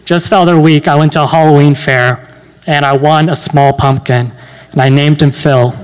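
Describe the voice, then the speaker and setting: A young man around nineteen performing a stand-up comedy set with dry, deadpan delivery, pausing with fillers between lines. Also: a little high, clear, resonant tone. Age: late teens. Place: university event hall. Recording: long hall reverb.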